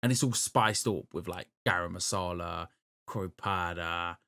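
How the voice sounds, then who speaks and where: A man's voice: deep voice, moderate pace, gravelly, bright, forceful tone, smooth. Rambling man, casual podcast talk. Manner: rambling, loose, swears casually. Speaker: podcast co-host. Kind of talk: casual chat.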